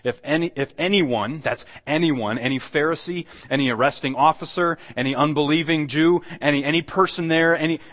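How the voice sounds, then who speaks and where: A man's voice: a little high, brisk, hardly any pauses, fairly bright tone. A man preaching a sermon as pastor, conversational and earnest, asking the congregation rhetorical questions. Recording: long hall reverb.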